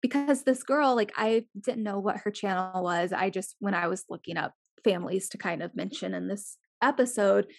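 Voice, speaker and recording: A woman's voice: medium pitch, moderate pace, creaky, few pauses, no echo. A woman chatting casually as a podcast co-host, full of "like" fillers and blunt swearing. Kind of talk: casual chat.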